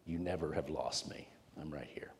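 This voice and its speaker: A preacher doing a gentle, soft-spoken teacher. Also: male voice, low voice, a little fast, lightly acted. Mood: tender. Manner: soft, near-whispered, reassuring. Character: gentle, tender adult man teacher. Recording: long church reverb.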